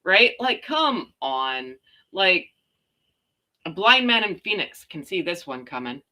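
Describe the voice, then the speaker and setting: Woman, bright sharp voice, sarcastic, chatty, ranting livestream host. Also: fairly low pitch, big pitch swings, slow pace. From Canada. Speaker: royal gossip livestream host. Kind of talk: casual chat reading viewer comments.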